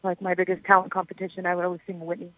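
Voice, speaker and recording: A woman's voice: lowish voice, monotone, very fast, fairly bright tone, dry recording, low-quality recording. A young adult woman from Canada, a singer being interviewed, chatting casually and laughing often. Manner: giggly, talkative. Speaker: singer guest.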